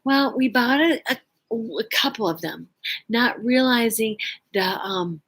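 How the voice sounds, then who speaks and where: A woman's voice: a little high, expressive, unhurried, fairly bright tone, poor audio. A woman vlogger casually telling a personal story, rambling with lots of fillers and restarts. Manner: laughs often while telling a story.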